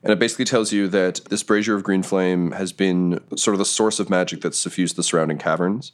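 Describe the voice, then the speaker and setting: A man with a very low voice runs a tabletop game as dungeon master. He narrates and explains the rules in an unhurried way, pausing on fillers. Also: steady tone.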